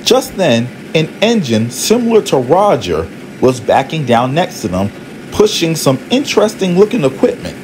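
A man giving scripted storybook narration in an expressive way. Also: on the high side, normal speed, background noise. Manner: expressive, performs all the characters.

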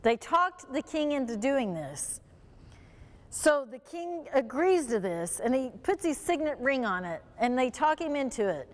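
Woman pastor, high voice, emphatic storytelling sermon, long hall reverb. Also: sing-song, measured pace. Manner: storytelling preacher, emphatic, speaks directly to listeners. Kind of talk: sermon retelling a Bible story.

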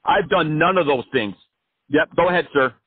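A man doing a pompous small-time candidate who rambles through an absurd campaign pitch. His voice sits high and husky, squeezed through a thin, phone-like line with no room around it. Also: moderate pace, no echo. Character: self-important male fringe politician, a smooth-talking blowhard. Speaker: prank caller.

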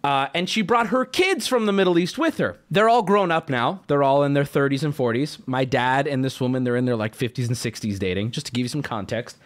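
A man's voice: medium pitch, lively intonation, a little fast, few pauses. A man in his late twenties, a streamer, ranting heatedly and swearing in casual talk on his own stream, recorded on a studio mic with a noise gate. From United States. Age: late 20s. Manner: heated, swearing, shouting at times.

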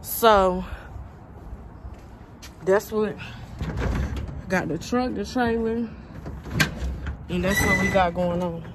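Chatty woman vlogging over loud outdoor noise. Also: mid-range voice, takes it slowly, long pauses. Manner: chatty, storytelling, addresses viewers as y'all. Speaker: family vlogger. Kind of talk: casual vlog chat to viewers. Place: storage unit, partly outdoors.

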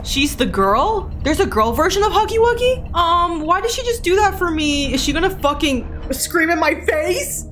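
A woman's voice: very high voice, sing-song, moderate pace, hardly any pauses, a bit bright. Panicky swearing young woman streamer. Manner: panicky, repeats herself, swears a lot. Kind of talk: live game commentary. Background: game music.

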